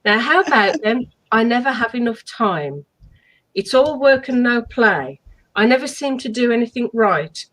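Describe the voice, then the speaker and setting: A woman with a somewhat high voice co-hosts a self-help live stream over a video call, speaking at a normal speed. Her delivery is emphatic, affirming and animated, and the recording is rough.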